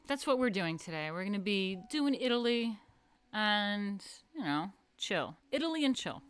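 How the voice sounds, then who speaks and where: A woman's voice: medium pitch, big pitch swings, moderate pace, clean tone, faint music behind. A woman hosting a casual art history lecture, chatty and swearing, often drifting into asides. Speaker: host.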